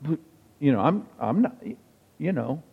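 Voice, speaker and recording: A man's voice: a little high, lively intonation, a little slow, creaky, husky. Male pastor, conversational sermon with wry asides; muffled, reverberant hall sound. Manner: conversational, wry preaching with quoted examples.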